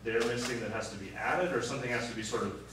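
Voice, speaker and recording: A man with a medium-pitched voice conducts an interview at a fast clip, asking long, hesitant questions and thinking aloud. The recording sounds distant and echoey, with clear noise.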